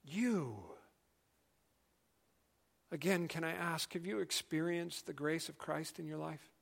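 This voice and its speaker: A middle-aged male pastor preaching a sermon in an earnest, conversational way, dropping to quiet emphasis. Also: on the high side, little pitch movement, normal speed, creaky.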